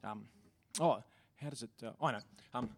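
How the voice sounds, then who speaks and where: A man's voice: medium pitch, normal speed. A man doing stand-up on a live stage, rambling and stumbling through self-mocking one-liners. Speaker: stand-up comedian. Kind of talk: stand-up comedy.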